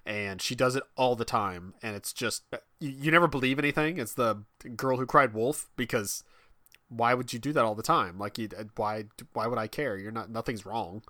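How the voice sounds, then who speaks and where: A man in his thirties chatting casually, wry and laughing often, his voice trailing off quietly at the ends of thoughts. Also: medium pitch, normal speed, no room sound, studio quality. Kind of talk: casual chat.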